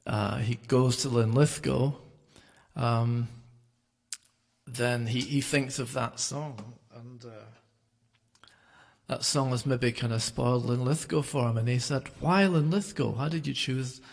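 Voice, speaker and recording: A man's voice: medium pitch, slow pace, creaky. A man, a singer-songwriter, chatting loosely between songs on a home livestream, rambling with plenty of fillers. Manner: relaxed, rambling, with many fillers. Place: home, streaming live.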